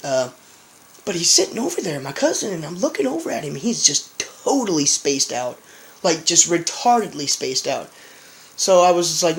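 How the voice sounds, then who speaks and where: Young male vlogger, casual profane storyteller, meandering delivery. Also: on the high side. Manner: rambling, profane, laughs while telling.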